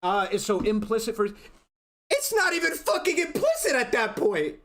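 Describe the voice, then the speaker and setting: A man's voice: very high-pitched, wildly swooping pitch, moderate pace, a bit bright. A man streaming live, ranting in an exasperated, profane way, often restarting his sentences. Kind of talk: heated livestream rant.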